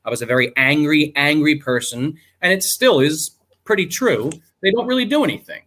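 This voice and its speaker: A man's voice: on the high side, fairly quick, a bit bright. A young man, an army veteran, telling his story on a video call in a loose, candid way, with many ums and some swearing. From United States. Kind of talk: casual spoken storytelling.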